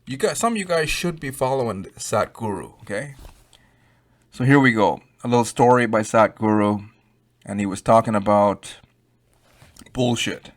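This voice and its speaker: A man's voice: lowish voice, moderate pace, long pauses. A man giving rambling, emphatic, unscripted commentary, addressing viewers directly. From Canada. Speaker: YouTube crypto commentator.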